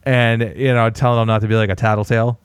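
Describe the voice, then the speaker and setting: A man in his thirties tells a family story on his podcast in a loose, animated way. His voice sits on the low side and sounds dry and close to the mic. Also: fast, clean tone, dry recording. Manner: animated storyteller, puts on high voices when quoting a child. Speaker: podcast co-host. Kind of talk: casual storytelling.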